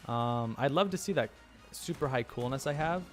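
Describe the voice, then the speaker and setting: A man's voice: medium pitch, moderate pace, soft background music. A young man casually commenting on his own gameplay, rambling and self-deprecating, with chuckling asides. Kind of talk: casual let's-play commentary.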